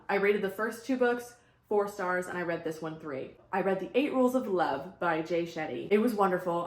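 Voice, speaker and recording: A young woman giving casual, blunt book reviews in a vlog, upbeat with quick asides. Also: fairly low pitch. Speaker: book vlogger. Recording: echoey room.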